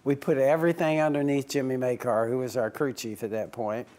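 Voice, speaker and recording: A man telling his story in an interview, lively and animated, voicing each quoted line as he goes. His pitch sits in an ordinary middle range for a man. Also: brisk. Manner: animated, acts out quoted dialogue with laughs. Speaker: racing team owner.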